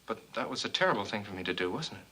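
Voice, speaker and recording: A man's voice: fairly low pitch, expressive, racing, bright, forceful tone. A man playing a nervous young man who stammers politely while serving drinks, in 1950s film acting. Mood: hesitant. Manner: hesitant, stammering. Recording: old film soundtrack with hiss.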